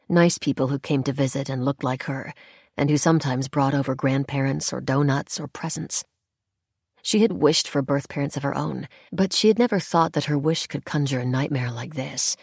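A woman reads a novel aloud in measured, deliberate storytelling. Her voice is low and husky with a gravelly edge. The recording is close and dry. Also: a little mellow, no room sound. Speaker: audiobook narrator. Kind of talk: scripted narration.

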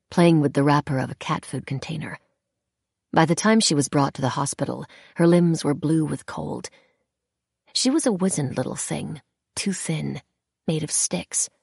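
A woman reading a novel aloud as audiobook narrator, with measured, deliberate storytelling. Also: deep voice, gravelly, darkish tone, slightly rough, dry recording, studio quality. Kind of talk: scripted narration.

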